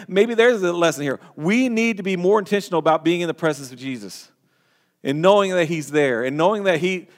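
A man preaching a sermon as pastor, earnest and emphatic, often restarting words and phrases. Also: high-pitched. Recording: long hall reverb.

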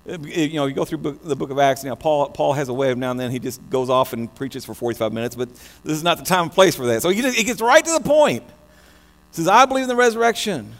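An American man preaching a sermon, animated, often restarting his words mid-phrase. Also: mid-range voice, quick pace. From United States. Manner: animated, many restarts and stammers. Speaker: pastor. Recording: long hall reverb with mains hum.

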